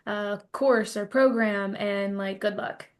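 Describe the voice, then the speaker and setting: A woman hosting a podcast interview, speaking in a measured, reflective way. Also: medium pitch, steady tone. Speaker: podcast host. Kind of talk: casual interview.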